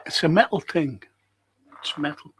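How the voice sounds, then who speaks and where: A man's voice: on the high side, moderate pace, a bit bright, a little hiss or hum, low-quality recording. A man hosting a casual live stream, chatty and rambling as he reads out viewer comments.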